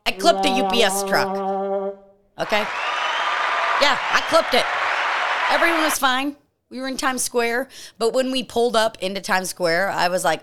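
A woman's voice: fairly high pitch, expressive, normal speed, long pauses, fairly bright tone, a faint crowd, slight background noise. A woman co-hosting a comedy podcast, chatting casually, laughing often and turning mock-soothing when she leads a breathing break. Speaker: podcast co-host. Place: hot indoor studio room.

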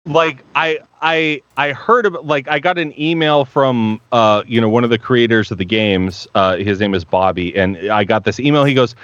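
A man's voice: mid-range voice, moderate pace, hardly any pauses, a bit bright, no echo, highs cut off. A male voice actor chatting on a live stream, rambling and profane with many restarts. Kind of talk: casual live-stream chat.

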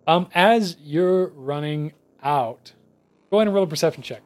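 A man's voice: a little high, moderate pace, darkish tone. Casual man running a tabletop game. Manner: casual, filler-heavy narration with lots of "like". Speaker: game master.

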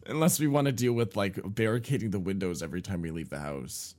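A man co-hosting a podcast, telling a story in a casual, rambling way full of fillers and swearing, and getting loud and animated when he recalls the shock. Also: lowish voice, normal speed. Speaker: podcast co-host.

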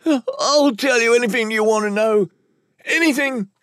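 A scared young thug, voiced by a man in a storybook reading, pitched high and pleading in rough, broken slang. His voice swoops and shakes as he begs, recorded dry and close. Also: lively intonation, takes it slowly, no echo, heavily acted. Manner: pleading, stammering, rough talk. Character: frightened young male hired thug.

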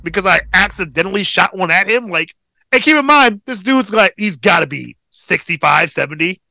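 A young man co-hosting a podcast, telling a long story in a profane, rambling, animated way. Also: high voice, normal speed, creaky, no echo. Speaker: podcast co-host. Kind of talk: casual storytelling chat.

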